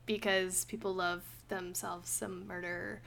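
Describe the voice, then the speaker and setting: A young woman hosting a casual book review podcast, animated and quick to laugh, with lots of "like" fillers. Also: fairly low pitch, creaky. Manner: animated, laughs often, says "like" a lot. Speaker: podcast host.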